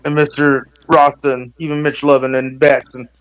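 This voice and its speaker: A man rambling excitedly on a livestream panel, with lots of stammered restarts. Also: medium pitch, normal speed, clean tone, no room sound, rough recording. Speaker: panel guest.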